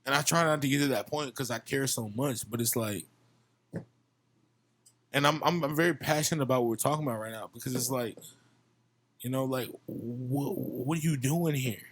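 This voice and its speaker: A man's voice: mid-range voice, moderate pace, long pauses, fairly bright tone. A young man from Virginia, a musician guest on a podcast, talking in a passionate, profane casual chat and often repeating himself.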